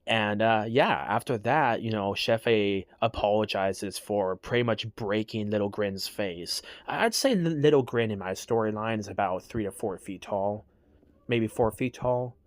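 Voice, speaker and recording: A man's voice: fairly low pitch, unhurried, no echo, studio quality. A man casually explaining his characters' story, hesitant and full of restarts. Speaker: creator telling his character lore.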